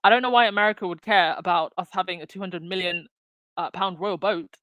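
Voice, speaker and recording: A woman's voice: fairly low pitch, a little fast, a bit bright, no room sound. A woman hosting her own commentary channel, talking casually with lots of fillers and restarts. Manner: chatty, many fillers and restarts. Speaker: channel host.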